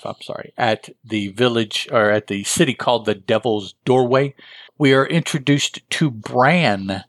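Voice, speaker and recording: A man's voice: mid-range voice, dry recording, studio quality. A man hosting a comic book review show, recapping an issue in a rambling, thinking-aloud way and often correcting himself.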